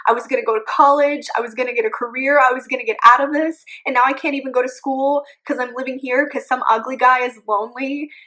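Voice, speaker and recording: A sixteen-year-old girl voiced by a woman who rants in rapid exasperation. The voice stays close to the woman's own, just a bit high. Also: fairly even intonation, pushed and bright. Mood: exasperated.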